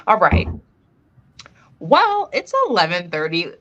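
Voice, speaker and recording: A woman's voice: fairly low pitch, huge pitch swings, a bit bright, dull audio. A woman in her twenties hosting a reading livestream, chatting and teasing her co-host at her computer. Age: 20s. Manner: chatty and teasing, with drawn-out words. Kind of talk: casual chat with a co-host.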